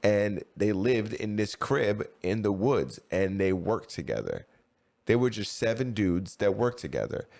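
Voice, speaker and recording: A man's voice: lowish voice, lively intonation, unhurried, vocal fry, a little mellow. A man co-hosting a podcast, talking in a loose, rambling way full of slang and fillers. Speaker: podcast co-host. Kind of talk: casual chat.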